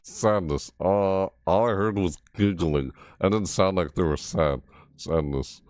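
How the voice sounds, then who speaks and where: A man's voice: sits low, measured pace, darkish tone, no echo. A man reacting to a game trailer, breaking into startled yelps and exclamations and swearing mildly. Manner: mild swearing, 'frick' and 'what the heck'. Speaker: gaming video creator. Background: faint trailer music under the voice.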